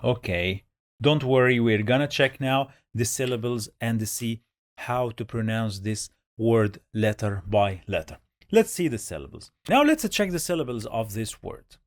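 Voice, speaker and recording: Male teacher, slow, dry close sound, repeats sounds for beginners. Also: mid-range voice, animated, no room sound. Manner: drills sounds by repeating them many times. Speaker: Arabic reading teacher. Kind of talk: slow step-by-step pronunciation lesson.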